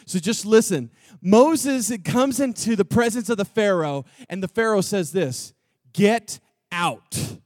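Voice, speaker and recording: A man preaching a sermon in a church, acting out Bible characters with lively swings from loud to hushed. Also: high-pitched, a little slow, dry recording, clean studio sound. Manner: animated, acts out Bible characters, drops to near whisper. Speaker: pastor. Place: church auditorium.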